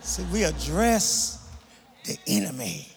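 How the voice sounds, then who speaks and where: A man preaching a sermon as guest preacher in a large church, his rhythmic delivery swelling into shouted, sung cadences. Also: a little high, wildly swooping pitch, slow pace, soft background music. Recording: echoey hall, faint room ambience.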